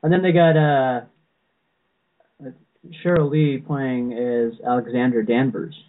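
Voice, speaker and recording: A man's voice: mid-range voice, little pitch movement, measured pace. A man chatting casually as a podcast co-host, rambling with frequent restarts and fillers. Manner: rambling, many restarts and "you know"s. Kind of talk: casual fan chat. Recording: tinny phone-like sound.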